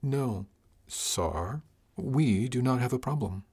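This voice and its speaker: A surly young rating on a spaceship, clipped and sneering with every "sir," as a male narrator puts him on. The voice sits at an ordinary middle pitch. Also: lively intonation, drawn-out words. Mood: sullen. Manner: curt, sneering.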